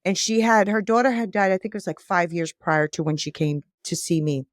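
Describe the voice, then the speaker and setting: A woman life coach as a podcast guest, telling stories in a lively way and acting out the dialogue. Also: fairly low pitch, a little fast, no room sound, clean studio sound. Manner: animated storytelling, acts out quoted dialogue. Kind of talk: conversational interview.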